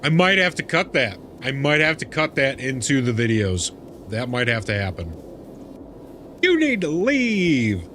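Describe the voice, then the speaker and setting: A man's voice: mid-range voice, moderate pace, bright, forceful tone, a little hiss or hum. A young adult man streaming a game, chatting casually and laughing, often repeating himself. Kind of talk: casual live-stream chat.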